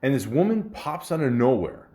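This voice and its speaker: A man's voice: mid-range voice, big pitch swings, moderate pace, warm tone. A man hosting a podcast, talking in a rambling, joking monologue full of swearing and fillers. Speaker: podcast host.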